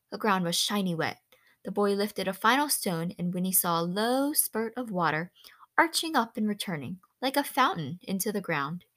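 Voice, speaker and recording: A woman reads a children's novel aloud with lively expression and an average-pitched voice. She stops here and there to explain a word to her listener in a quick aside, and fixes small slips without fuss. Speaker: read-aloud storyteller.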